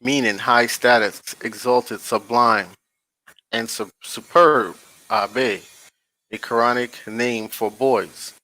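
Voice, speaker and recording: A man hosting his online channel, reading aloud from a screen-shared page and commenting in a slow, drawn-out way, often checking in with his viewers and talking to them in casual slang. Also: medium pitch, gravelly, bright, forceful tone, no echo, low-quality recording.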